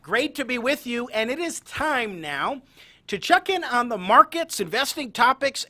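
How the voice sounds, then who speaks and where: Upbeat bright male talk show host. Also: high voice. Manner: upbeat, promotional.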